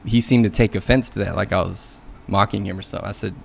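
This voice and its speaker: Low gravelly guy venting about an interview, swearing, super casual. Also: steady tone, fast, slight background noise. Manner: venting, mocking voices in quotes, swears, loose and conversational. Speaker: coding learnalong streamer. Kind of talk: casual rant.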